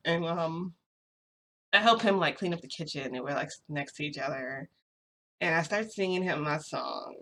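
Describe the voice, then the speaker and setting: A woman's voice: deep voice, a bit bright. Chatty woman telling a story. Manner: chatty, rambling, many fillers. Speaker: vlogger. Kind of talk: casual storytelling vlog.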